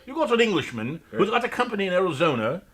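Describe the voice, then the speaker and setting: A man's voice: sits high, sing-song, quick pace, fairly bright tone, slight background noise. A man co-hosting a casual wine tasting chat, emphatic and joking.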